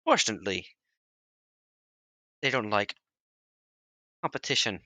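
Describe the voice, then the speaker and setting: A man voicing a shady, evasive guild recruiter, talking in halting, hesitant phrases. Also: lowish voice, very animated, bright, forceful tone, no room sound, heavily acted. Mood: smooth.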